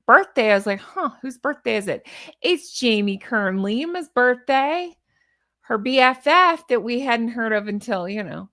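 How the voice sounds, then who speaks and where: A woman's voice: mid-range voice, gravelly, fairly bright tone. A woman vlogger giving casual, sarcastic opinion commentary, rambling with asides and restarts. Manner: chatty, sarcastic, scoffing asides.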